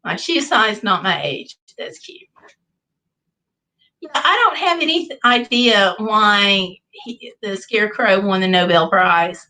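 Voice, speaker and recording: Taking her time, a middle-aged American woman hosts a casual livestream, reading comments aloud and telling corny jokes in a chatty, playful style. Her mid-range voice is expressive, pushed, and bright. The recording is rough.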